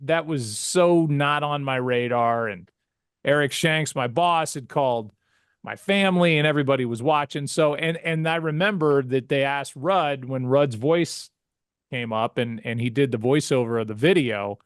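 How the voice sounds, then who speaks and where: Brief: male broadcaster guest, mid-pitch, animated storyteller with restarts, close and dry. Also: moderate pace, clean tone, no room sound. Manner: animated anecdote-teller with frequent restarts. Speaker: sportscaster guest. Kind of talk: casual storytelling interview.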